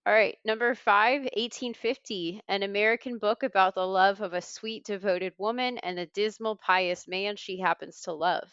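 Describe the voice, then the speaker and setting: A woman hosting a trivia podcast, reading clues in a brisk, wry way. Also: mid-range voice, fairly even intonation, fairly bright tone, smooth, dry recording, highs cut off. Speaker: quiz host.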